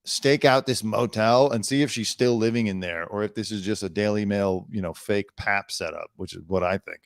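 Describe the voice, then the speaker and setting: A lowish-voiced man moves briskly through entertainment news headlines as host, drifting into sarcastic, rambling asides in a casual commentary style. Clean, dry studio recording.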